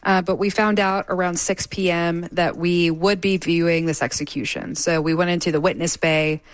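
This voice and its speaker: Female field reporter, low-pitched, measured, dry close mic. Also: no echo. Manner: measured, with frequent fillers. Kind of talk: live news interview.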